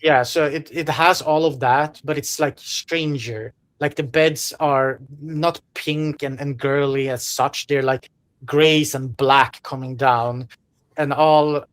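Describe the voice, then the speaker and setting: A game master narrating a horror tabletop game, describing scenes in a loose, rambling way with lots of fillers and restarts. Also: mid-range voice.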